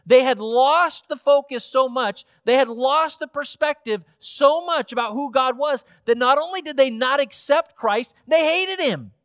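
A man's voice: very high voice, a bit bright, no echo. A man preaching a sermon in a church, earnest and emphatic, often restarting phrases before building to strong peaks. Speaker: pastor. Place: church sanctuary.

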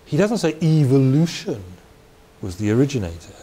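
A man's voice: mid-range voice, very animated, moderate pace, warm tone, slightly rough. Man giving a chatty Bible talk. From Wales. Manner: conversational, chatty asides and restarts. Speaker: preacher. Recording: faint hiss.

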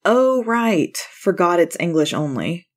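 A woman's voice: lowish voice, very animated, unhurried. A woman voicing an easygoing teenage boy surfer. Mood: friendly. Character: friendly teenage South African boy surfer.

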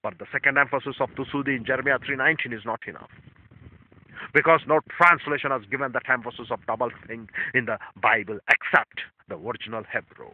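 A male pastor preaching a sermon in emphatic, non-native English, repeating phrases and swinging between loud stresses and quiet asides. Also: medium pitch, fast talker, no room sound. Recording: tinny phone-like dry sound.

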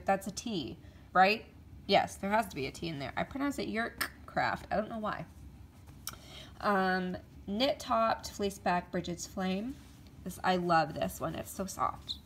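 A woman of middle pitch talks casually to her camera, showing items one by one. She fills pauses with ums and trips over names as she goes. A faint hiss sits under the recording. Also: a bit bright. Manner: chatty, with fillers, stumbling over names. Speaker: vlogger. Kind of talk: casual show-and-tell vlog.

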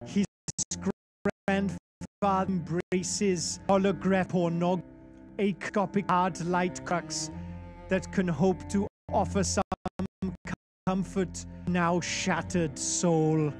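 A man's voice: high-pitched, little pitch movement. A grave, brooding German narrator, as a man puts him on intones every line with heavy solemnity. He speaks in a German accent at a crawling pace. Music swells behind him. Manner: slow, solemn, portentous narration.

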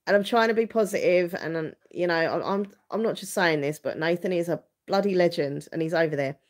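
A woman in her thirties hosts a casual livestream as a vlogger, chatting in an open, earnest way that rambles with frequent restarts and fillers. Her voice is fairly low and fairly quick.

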